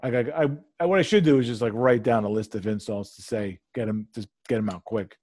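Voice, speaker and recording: A man's voice: fairly low pitch, a little fast. A man in casual chat telling a story with lots of swearing, acting out both sides of a phone call. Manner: profane, animated storyteller who acts out both sides of a call.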